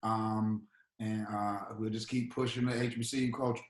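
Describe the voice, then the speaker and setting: A man co-hosting a casual interview, relaxed and affirming, with many fillers. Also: fairly low pitch, normal speed. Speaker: co-host. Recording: echoey room.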